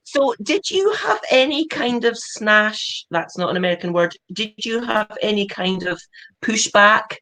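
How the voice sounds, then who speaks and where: A woman's voice: mid-range voice, animated, unhurried, sharp tone. A woman interviewing an author, chatty and rambling, often correcting herself mid-sentence. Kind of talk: casual interview chat.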